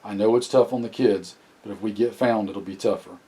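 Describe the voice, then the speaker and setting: A man reading as a calm, weary soldier. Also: brisk, natural voice. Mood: steady. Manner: calm, low-key, reassuring. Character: weary capable male soldier leading a family. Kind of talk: audiobook reading.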